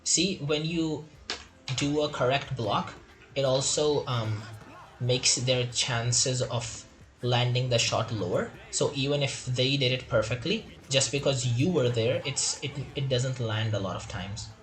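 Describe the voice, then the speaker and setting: A man's voice: mid-range voice, measured pace, fairly bright tone, soft background music. A man giving casual, chatty gameplay commentary while playing through a game tutorial and reading its tips aloud.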